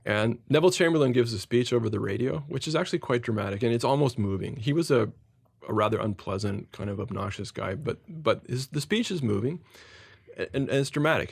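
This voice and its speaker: A middle-aged male historian answers in long, measured explanations, often doubling words as he gathers his thoughts. His fairly low voice is gravelly and a bit husky, recorded dry and close. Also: expressive, dry recording. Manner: measured, repeats words while thinking. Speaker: historian guest.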